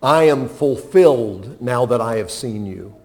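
Slow-speaking male preacher. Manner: expressive, swings from soft and low to loud emphatic peaks; conversational, asks the congregation questions. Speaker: pastor. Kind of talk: sermon.

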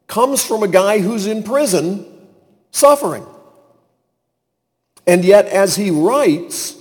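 Preacher, male, slightly high husky voice, slow deliberate delivery in a reverberant hall. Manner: slow, emphatic reading with wide swings in loudness. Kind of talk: sermon with scripture reading.

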